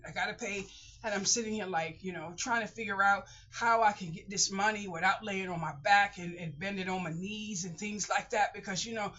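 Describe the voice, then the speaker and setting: A woman's voice: medium pitch, bright, forceful tone. A woman talking candidly in a personal vlog, blunt and emotional, rambling and repeating herself. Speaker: vlogger. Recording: dull lo-fi audio.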